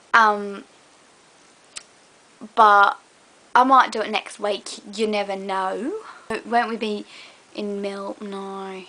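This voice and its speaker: A young woman talks casually to a fellow vlogger in a put-on British accent. Her voice is bright and clear, sitting in a middle pitch for a woman. She rambles along with plenty of fillers. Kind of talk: casual chat to a collab partner.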